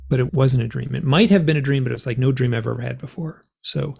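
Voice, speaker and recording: A man telling his story in a rambling, animated way, full of fillers, as a guest on an interview show. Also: medium pitch, fast, creaky, husky. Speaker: guest author and experiencer. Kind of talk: conversational storytelling.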